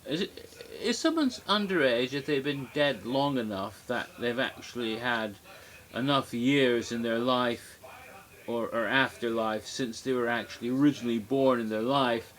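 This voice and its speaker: A tipsy man talks into his webcam in a loose, rambling monologue. He is giggly and keeps wandering off topic. His voice sits at an ordinary middle pitch. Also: moderate pace, a bit bright. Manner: rambling, giggly, easily sidetracked. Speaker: vlogger. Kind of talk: rambling casual monologue to camera.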